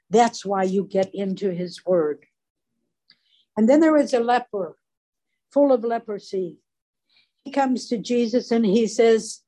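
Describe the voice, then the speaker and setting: A woman teaching from the Bible in an earnest, deliberate sermon, briefly voicing the people in the stories. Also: mid-range voice, warm tone, husky, low-quality recording. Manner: earnest, slow and deliberate, acts out quoted voices briefly.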